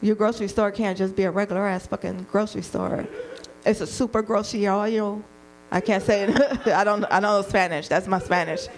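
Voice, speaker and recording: A woman's voice: mid-range voice, steady tone, quick pace, hardly any pauses, a little hiss or hum, poor audio. A woman in her fifties doing a stand-up roast, brash and teasing, who laughs at her own jokes. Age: 50s. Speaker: comedian roasting guests.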